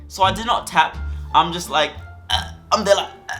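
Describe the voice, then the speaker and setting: A man's voice: sits high, normal speed, pushed and bright, faint music behind. A young man telling a school story to camera in a rambling, casual way, full of fillers and repeats. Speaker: vlogger.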